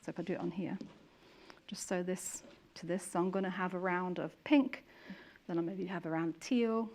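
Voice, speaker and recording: A woman's voice: lowish voice, fairly even intonation, normal speed, a little mellow. A young woman chatting casually while she demonstrates quilting steps. She explains each step in a friendly, plain way.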